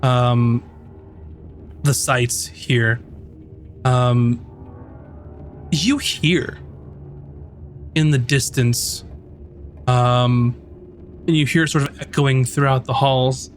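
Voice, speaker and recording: A man's voice: medium pitch, fairly even intonation, extremely slow, long pauses, soft background music. A man narrating a tabletop game as game master, rambling with many fillers and restarts.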